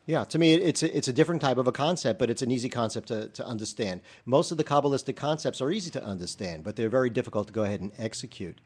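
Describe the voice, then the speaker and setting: Casual co-host man, middle pitch, thinks out loud and restarts his sentences. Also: lively intonation, fast talker, few pauses, breathy edge. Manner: thinks aloud with restarts and hypothetical examples. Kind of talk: casual discussion.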